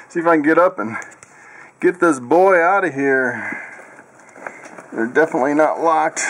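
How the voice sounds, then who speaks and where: A man casually walking viewers through his animals in a vlog, chatty and laughing often. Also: husky. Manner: coos in high excited tones at pets. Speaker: vlogger.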